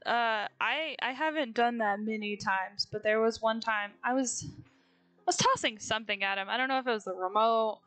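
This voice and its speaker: A woman's voice: on the high side, moderate pace, fairly bright tone, dry recording, poor audio. A young woman chatting casually on a stream, telling stories with lots of laughter and acted-out quotes. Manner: giggly storyteller, acts out quotes. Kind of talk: casual chat.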